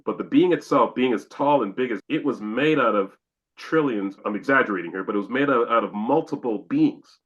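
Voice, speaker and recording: A man's voice: mid-range voice, animated, a little fast, fairly bright tone, husky, muffled recording. A man from Canada, a podcast guest, telling a long personal story and acting out his own exclamations.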